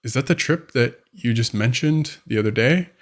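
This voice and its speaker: A man's voice: medium pitch, normal speed, lightly acted. A man voicing an unimpressed wife in a plain, dismissive tone. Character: annoyed wife, adult woman, unimpressed.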